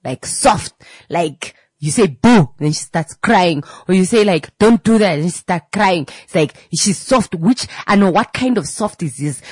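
A playful woman hosting a late-night radio talk show. She chats freely, repeats words for flair and addresses listeners as ladies and gentlemen. Her voice is close to a studio mic, dry and clear. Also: medium pitch, dry recording. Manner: playful and chatty, breaks into sung vocal riffs and sound effects. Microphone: studio microphone.

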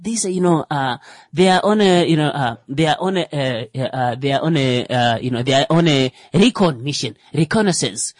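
A woman's voice: low-pitched, lively intonation, moderate pace, dry recording. A woman talking in a rambling, casual monologue, full of fillers, who acts out little quoted exchanges.

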